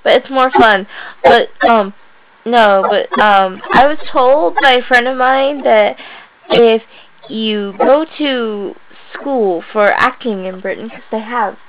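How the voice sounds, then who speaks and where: A woman's voice: on the high side, slow, muffled recording, slight background noise. A woman co-hosting a podcast, chatting casually about a movie, laughing often and floating playful theories. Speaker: podcast co-host.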